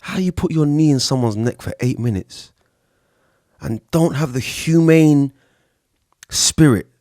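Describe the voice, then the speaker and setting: A man's voice: a little high, unhurried, dark tone, no room sound, studio quality. A man hosting a solo podcast, talking in an impassioned, profane way and jumping between topics. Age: adult with an older son. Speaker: podcast host.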